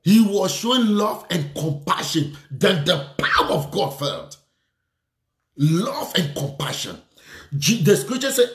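A man's voice: high voice, very animated, unhurried, roomy sound. A man preaching a sermon, fervent and repetitive, speaking declarations and prayer over his listeners.

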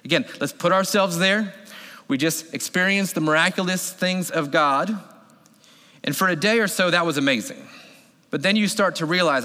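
A male pastor in his thirties delivers an animated sermon, his slightly high voice ringing through a large hall with long reverb. He tells the story vividly, slipping into the voices of the people in it. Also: moderate pace.

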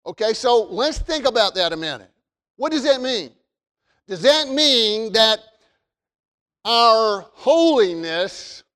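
Man, pastor, sermon, very high voice, slow and emphatic, long hall reverb. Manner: emphatic, repeats phrases, rises to shouts. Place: church sanctuary.

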